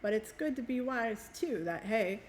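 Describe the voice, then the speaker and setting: A woman's voice: on the high side, lively intonation, normal speed, slight background noise. A woman guest host in a casual conversation, affirming and chatty, adding short agreements.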